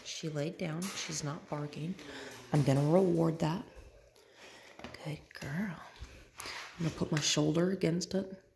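A woman dog trainer demonstrating at home, praising softly and calmly, often dropping to a hush. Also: sits low, a little slow, vocal fry, pauses often. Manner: soft, calm praise, often hushed to a whisper. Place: indoor home room with a dog crate. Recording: roomy echo with loud background noise.

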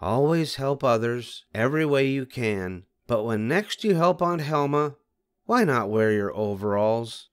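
An older man playing a calm, caring mother. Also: fairly high pitch, takes it slowly, few pauses, pitched above the performer's own voice, heavily acted. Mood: tender. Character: gentle caring mother of three girls.

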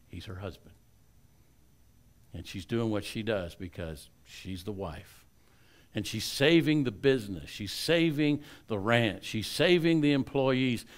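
Guy preaching, telling a bible story all animated, gets loud then drops real quiet, mid-pitched voice. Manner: conversational asides to the congregation. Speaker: pastor. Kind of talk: sermon, retelling a Bible story.

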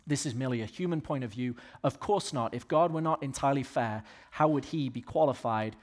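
A man from the American South preaching a sermon as pastor of a church, swinging between loud exhortation and quiet, earnest asides. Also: mid-range voice, fairly quick. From Southern United States.

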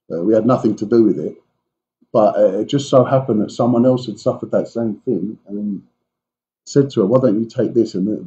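A man preaching a conversational sermon as a pastor in a church, with animated asides to the congregation. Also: medium pitch, lo-fi sound.

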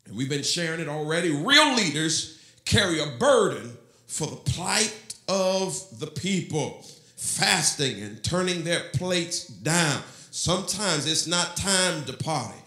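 A pastor preaches in a roomy church that rings with echo. His voice sits high and sounds bright and forceful. He swings from talk to shouted, sung-out lines. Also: lively intonation, slow pace. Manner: preaching, rising to shouts, half-singing phrases. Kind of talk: sermon. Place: church sanctuary. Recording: echoey church room.

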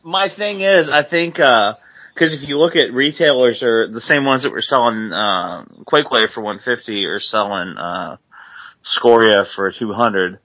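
A man's voice: medium pitch, measured pace. A man reasoning things through in casual podcast chat. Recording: muffled lo-fi recording.

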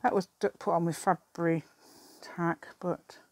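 Chatty, rambling woman crafter, lowish voice. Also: fairly even intonation, slow pace, a little mellow, no echo. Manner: rambling, chatty, laughs often, mutters asides to herself. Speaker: craft video maker. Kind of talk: casual chat while crafting.

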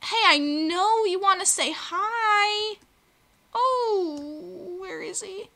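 A woman's voice: extremely high pitch, very slow, bright, forceful tone. A woman hosting a video game let's play, chatting playfully and talking to the creatures on screen. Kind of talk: gaming commentary.

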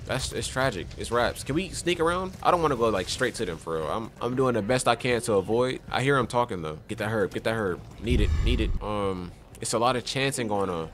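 A young man giving excitable let's play commentary on a horror game, talking to his viewers and yelling at enemies on a desk microphone. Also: fairly low pitch, brisk, hardly any pauses, slight background noise. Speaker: gaming youtuber.

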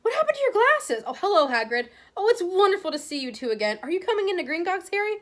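A woman voicing an eager, bossy schoolgirl who speaks in a bright, excited way. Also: very high-pitched, quick pace, voice pushed up.

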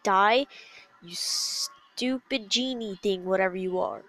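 A woman giving gameplay commentary, muttering in frustration and breaking into sudden shouts. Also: mid-range voice, slow, faint music behind, rough recording. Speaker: gamer.

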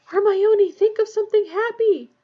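A woman voicing a brave teenage boy wizard who shouts spells in panic. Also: sits high, brisk, dull audio, pitched above the performer's own voice. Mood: desperate shouting.

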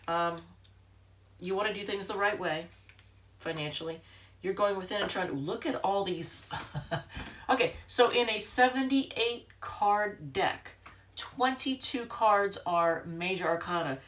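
A woman's voice: medium pitch, unhurried, a bit bright. A woman with a congested, stuffed-up voice giving a casual tarot card reading in a chatty, loose way, full of fillers and restarts. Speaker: tarot reader.

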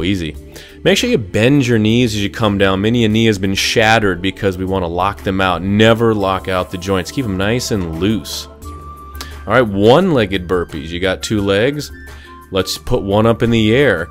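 A man coaching a burpee workout in an upbeat, jokey way, sometimes out of breath. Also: on the low side. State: out of breath at times. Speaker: fitness instructor. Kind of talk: workout instruction.

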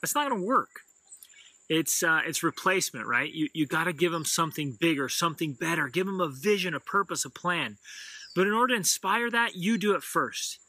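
A middle-aged man giving an energetic motivational talk as host, acting out quoted lines with enthusiasm. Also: fairly high pitch, a little fast, dry recording.

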